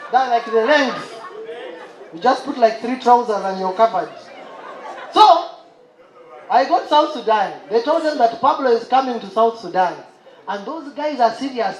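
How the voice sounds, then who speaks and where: High-voiced stand-up man, animated storyteller, live echoey venue, faint crowd. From Uganda. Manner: animated storyteller, exclaims and imitates laughter. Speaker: stand-up comedian. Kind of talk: stand-up comedy set. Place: live comedy show stage. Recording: roomy live venue with audience.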